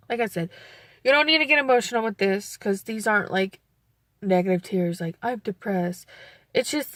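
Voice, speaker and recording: A woman's voice: mid-range voice, dry recording. A young woman talking in a personal vlog, rambling with many fillers and close to tears. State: teary, near crying. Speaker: vlogger.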